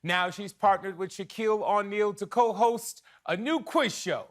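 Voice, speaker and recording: A man's voice: high voice, normal speed. A man hosting a late-night talk show, introducing a guest and interviewing her in a playful, teasing way.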